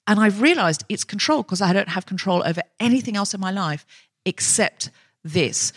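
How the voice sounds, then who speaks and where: A woman hosts a live comedy podcast and rambles through funny stories about herself. She talks in a casual, self-deprecating way. Her voice sits in a middle pitch and sounds dry and close to the mic. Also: expressive, moderate pace, breathy edge, no echo. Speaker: podcast host. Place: live recording on stage in a London venue.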